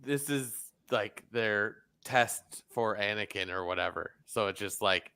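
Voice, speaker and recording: Male podcast co-host, bright, smooth voice, loose and rambling. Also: fairly low pitch, a little slow. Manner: rambling, laughs often. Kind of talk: casual chat.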